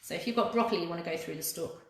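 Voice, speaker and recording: A woman's voice: lowish voice, rapid-fire, creaky, heavy reverb, a little hiss or hum. A woman leading a live cooking demonstration for children, chatty and encouraging as she talks to viewers while she works. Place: kitchen.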